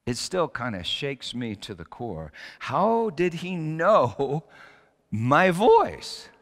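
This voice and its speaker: A middle-aged male pastor preaching a sermon, telling stories with sudden loud bursts and quiet drops. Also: on the high side, wildly swooping pitch, slow pace, in a large hall.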